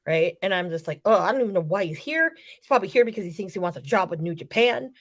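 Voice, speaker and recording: A woman's voice: mid-range voice, animated, fast talker. A woman in casual podcast chat, telling a story with profanity and acting out the quotes. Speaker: wrestling podcast co-host.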